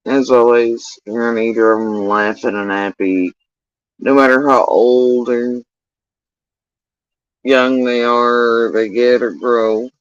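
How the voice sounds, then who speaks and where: Middle-aged man, slow profane rambling talk, dull lo-fi dry recording. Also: mid-range voice, steady tone, smooth, no echo. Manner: profane, meandering, drawn-out. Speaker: livestreamer. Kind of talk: casual rambling chat.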